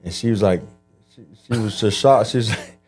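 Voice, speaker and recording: A man telling his life story in an interview, animated and acting out the voices of people he quotes. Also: on the low side, normal speed, soft background music. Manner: animated, acts out quoted voices, frequent restarts. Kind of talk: conversational storytelling.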